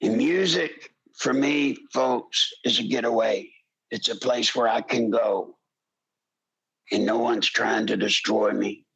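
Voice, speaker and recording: An older man hosting a political talk radio show, speaking with a gravelly voice in an impassioned, pleading monologue that rises into shouts. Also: mid-range voice, slow pace, low-quality recording.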